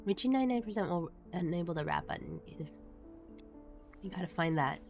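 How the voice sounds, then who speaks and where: A woman's voice: lowish voice, huge pitch swings, a little fast, darkish tone, soft background music. A woman streamer chatting casually with her viewers while playing a game and reading its text aloud. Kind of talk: casual live-stream chat while gaming.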